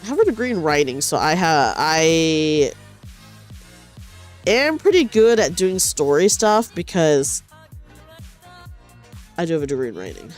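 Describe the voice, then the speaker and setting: A woman's voice: sits low, big pitch swings, a little slow, pauses often, faint music behind. A young woman streamer chatting casually while she knits, rambling and self-deprecating, often restarting her sentences. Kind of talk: casual chat while knitting.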